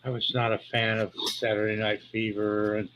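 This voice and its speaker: A man's voice: lowish voice, level tone, moderate pace, fairly bright tone, a little hiss or hum, poor audio. A man hosting a casual livestream, out of breath and groaning from helpless laughter. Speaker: livestream host.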